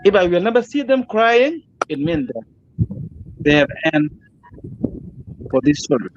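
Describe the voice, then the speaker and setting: A man speaks in a high-pitched voice, grieving and impassioned, repeating himself as he pleads. The call audio is muffled and dull, with faint hiss behind him. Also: sing-song, unhurried, gravelly. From South Sudan. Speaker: guest. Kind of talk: emotional plea in an online interview.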